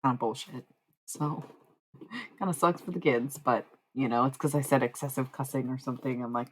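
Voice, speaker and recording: A live streamer chatting casually with viewers, swearing and laughing freely, and reading spiritual passages aloud slowly and deliberately. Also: medium pitch, slight background noise, low-quality recording.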